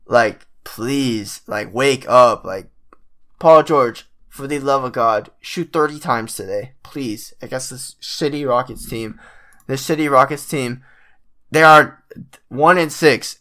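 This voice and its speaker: A man giving a casual, rambling basketball fan rant, slangy and profane, with lots of filler words, often working himself up to loud frustration. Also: mid-range voice, slow pace. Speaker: sports fan vlogger.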